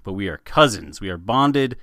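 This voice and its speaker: Man, casual podcast chat, low voice, lively, frequent restarts, dry sound. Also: moderate pace, no room sound. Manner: animated, laughing, repeats words when starting sentences. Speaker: podcast co-host.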